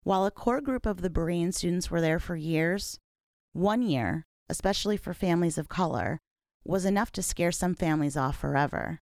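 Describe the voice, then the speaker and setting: A woman hosting an investigative podcast, reading scripted narration in a measured, serious manner. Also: lowish voice, darkish tone, no echo, studio quality. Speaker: podcast host.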